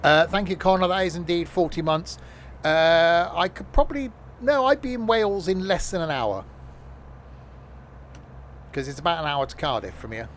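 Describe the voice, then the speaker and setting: A man gives live commentary while driving a train in a simulator. His wry, grumbling remarks swing widely in pitch, and his voice sits a little higher than usual. A faint hiss runs underneath. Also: sing-song, moderate pace. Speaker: streamer playing a train simulator.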